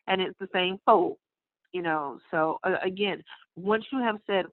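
A woman's voice: mid-range voice, dry recording. Frank woman guest over a tinny line. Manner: frank, blunt and wry, pausing to clear her throat. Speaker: podcast guest. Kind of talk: candid conversation. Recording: tinny phone-line audio.

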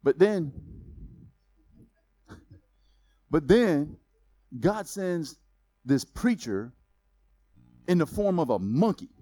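A man preaching a sermon, telling a story in a lively, casual way with slang. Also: a little high, very slow, long pauses, no echo. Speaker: pastor.

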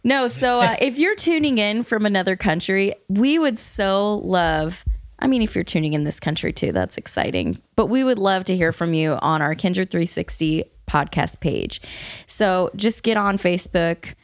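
A woman's voice: mid-range voice, sing-song, moderate pace, no room sound, studio quality. A woman co-hosting a church podcast, giving chatty, upbeat announcements with frequent giggles. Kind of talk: casual podcast chat, announcements.

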